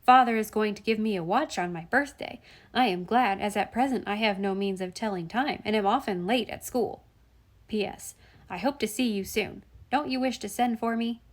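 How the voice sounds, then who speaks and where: A woman's voice: mid-range voice, moderate pace, lightly acted. A woman voicing a cheeky schoolboy reading out his own long letter with many postscripts. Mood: playful. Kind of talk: audiobook reading.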